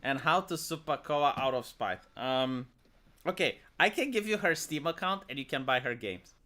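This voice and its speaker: A man's voice: medium pitch, animated, normal speed, bright, forceful tone, a little hiss or hum. A man with a Romanian accent chatting on a stream, rambling and stammering through restarts. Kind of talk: casual stream banter.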